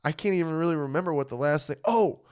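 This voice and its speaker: A man co-hosting a podcast, telling a story in casual chat, animated and swearing, often asking "you know what I mean". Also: on the high side, fast talker, clear, resonant tone. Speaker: podcast co-host.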